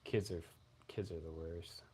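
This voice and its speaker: A man co-hosting a casual podcast, crude and joking, with frequent profanity and loud bursts. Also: low voice, steady tone, unhurried, husky. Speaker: podcast co-host.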